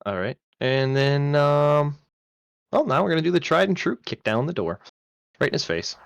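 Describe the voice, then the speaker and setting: A man's voice: a little high, big pitch swings, normal speed, vocal fry, dry recording, muffled recording. A man playing in a tabletop game, eagerly asking questions and working out tricks as he goes. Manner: eager, plans out loud with questions. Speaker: player. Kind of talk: casual tabletop play.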